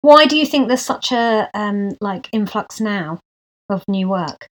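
A woman's voice: medium pitch, expressive, a little slow. A woman hosting a casual interview, asking questions with frequent laughs.

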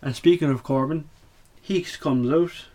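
A wrestling podcast host with a slightly high, dark-toned voice recaps a show in a casual, unhurried way. He's blunt and opinionated, swearing often and using lots of fillers.

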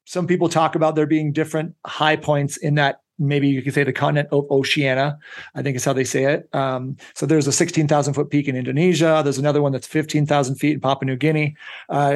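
A man with a fairly high voice hosts a casual podcast interview. He asks curious questions and reacts eagerly to his guest's stories. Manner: curious, reacts with frequent exclamations. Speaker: podcast host.

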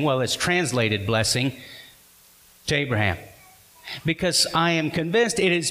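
A man's voice: on the high side, a bit bright, big-room sound, low-quality recording. A man preaching a sermon as a pastor, earnest and putting questions to the congregation.

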